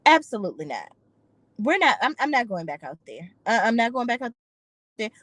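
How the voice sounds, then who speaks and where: A woman's voice: fairly high pitch, very animated, brisk, a bit bright, no room sound, rough recording. A woman giving an opinionated, sassy recap of a reality TV episode, slipping into voices for the people she quotes. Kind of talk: casual recap commentary.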